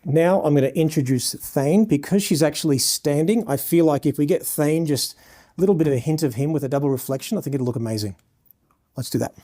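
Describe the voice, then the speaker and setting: Mellow Australian man teaching photography. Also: a little high, brisk. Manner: effusive, showering the model with praise; explains settings step by step to viewers. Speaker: photographer teaching a lighting lesson. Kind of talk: live instruction while shooting a portrait session.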